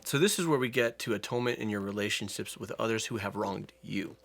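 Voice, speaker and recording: A man's voice: fairly low pitch, fast talker, gravelly, crowd noise. A man, a therapist co-hosting a casual film commentary, explaining earnestly. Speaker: co-host, therapist.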